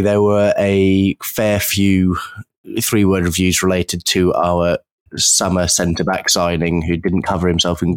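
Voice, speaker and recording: A man on a podcast panel, chatting in a relaxed, easygoing way. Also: deep voice, smooth, no room sound. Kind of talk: casual podcast chat.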